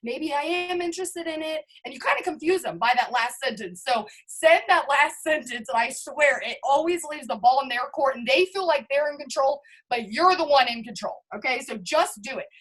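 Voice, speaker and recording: A woman with a bright, high-pitched voice delivers an all-in motivational pep talk to her team. She is hyped and emphatic and keeps turning to address her listeners directly. The sound comes through a video call. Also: lively intonation, moderate pace, hardly any pauses, husky, poor audio. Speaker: network marketing team leader.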